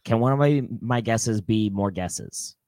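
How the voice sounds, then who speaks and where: A man's voice: on the low side, measured pace, a little mellow, dry recording. A man hosting a comedy podcast from a home studio, casual, playful and jokey, often laughing. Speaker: podcast host. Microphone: studio mic.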